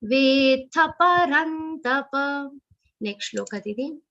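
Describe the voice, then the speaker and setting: A woman with an Indian English accent teaching Sanskrit verse recitation in an online class, correcting pronunciation and chanting lines slowly. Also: high voice, fairly bright tone, dull audio. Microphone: video call.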